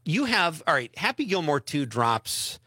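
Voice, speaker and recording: A man's voice: fairly high pitch, very animated, a little slow, pushed and bright, breathy edge, dry recording, studio quality. A man hosting a casual radio talk show, reading listener messages and chatting with his co-host.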